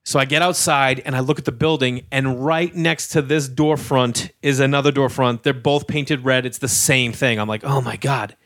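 Animated man telling a story, dry close sound. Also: medium pitch, normal speed, hardly any pauses, no room sound. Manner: animated, acts out every voice in the story. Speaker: guest comedian. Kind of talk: casual storytelling on a podcast.

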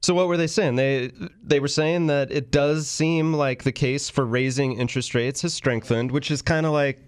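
A man's voice: mid-range voice, steady tone, normal speed, clean tone, no echo. A man co-hosting a casual studio chat, laughing easily and giving frank opinions.

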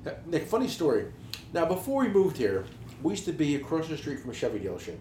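A man hosting a podcast, swearing freely through lively, animated stories about his tool business. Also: a little high, fast talker. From New Jersey. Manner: profane, animated storytelling. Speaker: podcast host, tool dealer. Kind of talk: casual podcast chat. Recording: roomy echo, faint background hiss.

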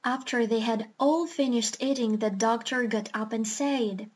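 A woman reading a children's book aloud in a calm, measured storytelling manner. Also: a little high, breathy edge.

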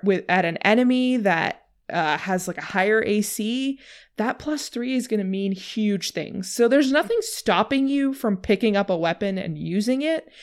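A woman co-hosting a tabletop game podcast, explaining rules in an easy, conversational way. She peppers her talk with "like" and casual asides, her pitch sitting in the middle. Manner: conversational, with frequent "like" and laughs. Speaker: co-host.

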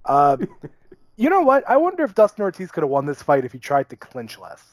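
A man's voice: on the high side, wildly swooping pitch, fairly quick, dry recording. A man co-hosting a podcast, breaking down a fight in a casual, opinionated and wry way. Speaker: podcast co-host. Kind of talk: casual sports chat.

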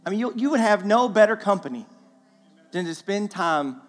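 High-voiced man preaching in a reverberant hall. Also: normal speed. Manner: animated, conversational preaching with playful asides. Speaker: guest speaker. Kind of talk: sermon. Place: church sanctuary. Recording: long church hall reverb, faint music.

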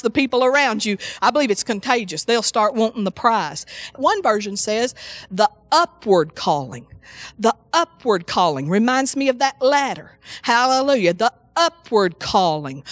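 Woman preacher, emphatic and fervent, a touch high, recorded dry. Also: fairly bright tone, dry recording. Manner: fervent, slow emphatic scripture reading with exclamations. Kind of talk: sermon.

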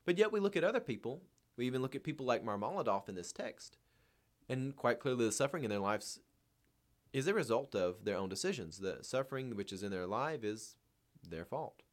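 Man, novel reading with commentary, earnest, emphatic, animated pitch. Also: fairly quick. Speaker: reader and commentator.

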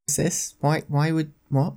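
A young man chatting casually with a friend. He rambles in an earnest, halting way and drifts into odd little theories. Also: a little high, little pitch movement, gravelly, warm tone. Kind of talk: casual chat.

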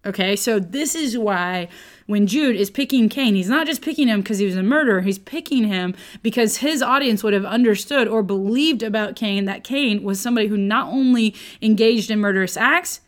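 Woman Bible teacher, casual, playful asides, mid-pitched, checks in constantly. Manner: conversational, keeps checking in with "okay?", playful asides.

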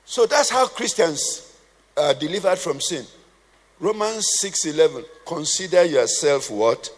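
A man with a fairly high, expressive voice preaches at a measured pace, keeping the sermon conversational and humorous. He quizzes the congregation with questions and drops humorous asides. A long hall reverb colors the recording.

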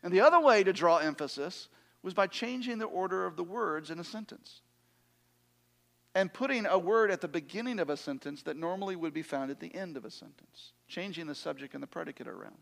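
High-voiced man preaching with dramatic hushes. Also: gravelly. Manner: swells loud then drops to near-whispers for emphasis. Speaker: pastor. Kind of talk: sermon.

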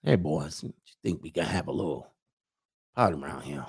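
A man voicing a menacing older male sheriff with a slow, low Mississippi drawl. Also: animated, slightly rough, full character voice.

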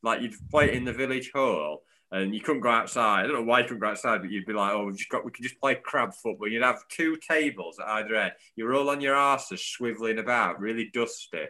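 A man's voice: lowish voice, fairly quick, few pauses. A man, chatting casually and jokily as a football podcast co-host. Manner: animated, jokey, laughs often.

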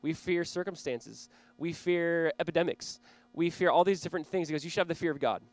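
Youngish guy pastor preaching, kinda high voice, earnest and chatty. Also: a little fast, no echo. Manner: conversational and earnest, with small laughs and restarts. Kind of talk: sermon.

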